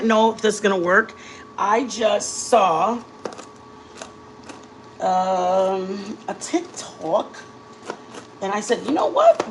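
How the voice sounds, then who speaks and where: A woman's voice: medium pitch, slight background noise, rough recording. Chatty woman vlogger telling stories. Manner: chatty storyteller addressing viewers directly. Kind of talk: casual chat while baking.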